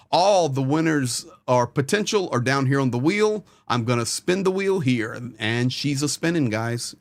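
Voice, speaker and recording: A man's voice: a little high, no room sound. A man hosting a live stream, earnestly rattling off names and donation amounts.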